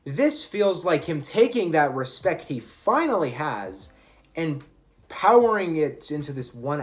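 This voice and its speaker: Opinionated chatty male music reviewer. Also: a little high. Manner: opinionated, chatty, frequent self-corrections. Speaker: album reviewer. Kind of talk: casual music review monologue.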